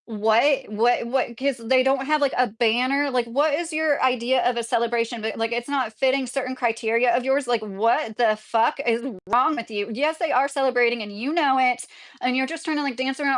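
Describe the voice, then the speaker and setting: A woman's voice: a little high, moderate pace. A woman giving casual live-stream commentary, rambling with frequent apologies and laughing asides. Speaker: livestreamer.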